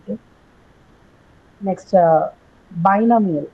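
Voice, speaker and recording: A woman's voice: mid-range voice, slow pace, husky. A woman teaching an English phonetics class, explaining step by step with many ums and rights. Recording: muffled lo-fi audio.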